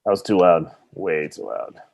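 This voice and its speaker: A man chats casually as podcast co-host, easygoing and quick to laugh. His voice sits on the low side and sounds dry, right up on the mic. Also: gravelly, darkish tone, no room sound. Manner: laid-back, laughs often. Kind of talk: casual chat. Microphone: own mic at home, remote call.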